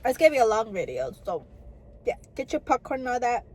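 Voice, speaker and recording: A young woman talks to her camera in a loose, chatty storytime manner. Her voice sits a little high, and she sprinkles "like" and "girl" through her sentences as she goes. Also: sing-song, fairly quick, darkish tone, rough recording. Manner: chatty, lots of "like" and "girl" fillers. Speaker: vlogger. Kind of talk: casual storytime chat to camera.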